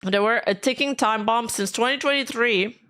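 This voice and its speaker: A woman's voice: a little high, moderate pace, a bit bright. A woman streamer giving casual commentary while reading out posts, skeptical and frustrated, speaking bluntly and swearing now and then.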